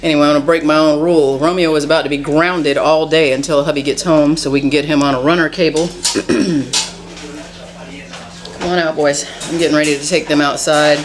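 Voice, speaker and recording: A woman's voice: low-pitched, steady tone, fairly quick. Woman, Southern US accent, casual home vlog, handheld camera, folksy chatter. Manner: chatty, folksy, says y'all a lot. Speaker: vlogger. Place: home, indoors and in the yard.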